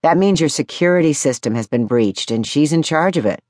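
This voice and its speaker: A woman's voice: deep voice, lively intonation, brisk, darkish tone, dry recording, clean studio sound. A woman voicing a terse male detective. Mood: matter-of-fact. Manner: terse, matter-of-fact. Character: blunt, reserved male detective investigating a murder. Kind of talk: audiobook character voice.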